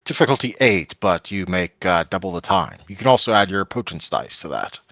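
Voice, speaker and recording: GM, male, low voice, dry close sound, searches for words with fillers. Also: animated, fairly quick, a bit bright, no echo. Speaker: game master. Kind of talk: narrating a tabletop game.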